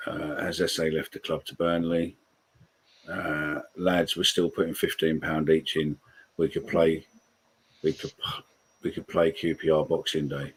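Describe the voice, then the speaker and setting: A man's voice: rumbling low, little pitch movement, measured pace, slightly rough. A man, hosting a live call-in podcast, swearing freely as he reads out comments. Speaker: podcast host.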